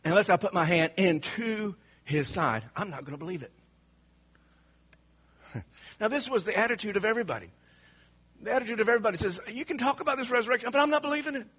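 A man preaching an animated sermon, telling the story dramatically and acting out the quotes with frequent laughter. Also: sits high, fast talker, long pauses, husky. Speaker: pastor. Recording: muffled lo-fi recording.

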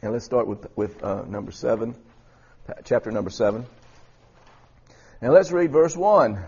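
A man with a husky voice teaching a Bible study class, often repeating words and quizzing his students. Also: medium pitch, animated, unhurried, darkish tone, highs cut off.

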